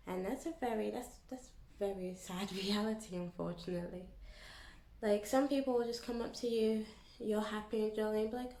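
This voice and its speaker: A young woman chatting casually to her vlog audience in an animated, storytelling way. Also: medium pitch. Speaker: YouTuber. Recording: echoey room.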